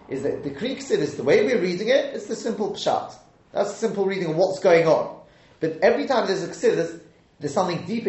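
A man teaching a live Torah class, acting out the speakers he quotes and often correcting himself mid-sentence. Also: sits high. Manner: lively, dramatizes quoted speakers, frequent self-corrections. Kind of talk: live Torah study lecture. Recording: roomy echo.

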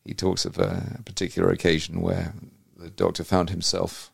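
A man with a very low, gravelly voice hosts a conversational interview, telling stories eagerly and restarting his sentences as he goes. He sounds close and dry, with no room around him. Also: monotone, moderate pace, dry recording. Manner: enthusiastic, rambling storyteller with frequent restarts. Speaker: host.

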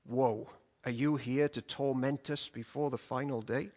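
A male preacher voicing a group of frightened demons crying out, in a low, hushed voice. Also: fairly even intonation, unhurried, natural voice. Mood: fearful. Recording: long hall reverb.

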